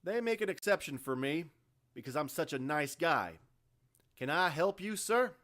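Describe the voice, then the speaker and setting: A man's voice: mid-range voice, lively intonation, a little fast, close to an everyday voice. A man voicing a scarred, defiant space marine sergeant who talks with clipped sarcasm. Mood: sarcastic.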